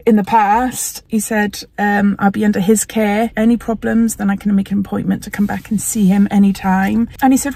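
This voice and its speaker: Middle-aged woman, candid personal vlogger, mid-pitched voice, dry recording. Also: steady tone, moderate pace, hardly any pauses, darkish tone, dry recording. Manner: candid, emotional, laughs often. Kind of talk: personal health vlog.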